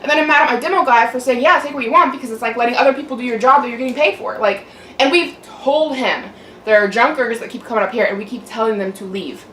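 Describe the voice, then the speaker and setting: A fairly high-pitched young woman talks in a loose, rambling vent, full of "like" and the odd curse word. Her voice carries a roomy echo, as if the mic sits a little way off in a room at home. A faint steady hum runs underneath. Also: fast talker, distant mic. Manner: chatty, aggravated, swears, lots of "like". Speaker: mukbang vlogger. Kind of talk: casual venting chat.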